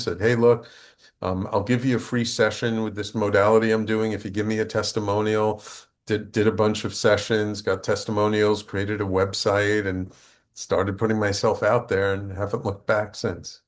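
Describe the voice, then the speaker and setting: A middle-aged man, a podcast guest, talking in a relaxed conversational way, acting out quoted dialogue as he tells a story, with frequent restarts. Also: fairly low pitch.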